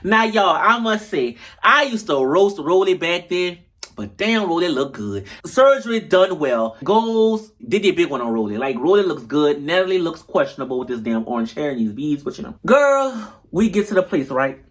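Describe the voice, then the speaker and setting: A man doing a casual recap of a reality show, animated and slangy, talking to his viewers. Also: a little high, moderate pace. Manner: animated, slangy and profane, addresses viewers as y'all. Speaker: show reviewer.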